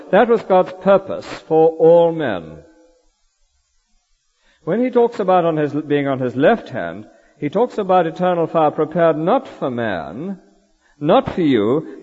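A man's voice: a little high, breathy edge. A man preaching a sermon in an earnest, rhetorical way, often ending points with tag questions. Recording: dull lo-fi recording with long hall reverb.

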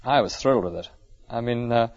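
A man's voice: medium pitch, fairly quick, a little mellow, dull audio. A male clergyman giving an earnest, conversational sermon full of rhetorical questions.

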